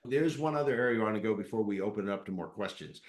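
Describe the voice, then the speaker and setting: Animated male storyteller in a roomy hall. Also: fairly low pitch, racing. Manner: animated storyteller with acted-out quotes. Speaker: interviewer and performance coach. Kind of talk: live interview with storytelling.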